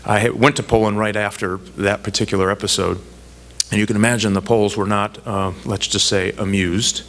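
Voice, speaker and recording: A man's voice: fairly low pitch, steady tone, fairly quick, fairly bright tone, a little hiss or hum. A man giving a public speech about foreign policy, telling stories with humorous asides and building his point through repeated emphatic phrases. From United States. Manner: storytelling with asides and self-deprecating humor.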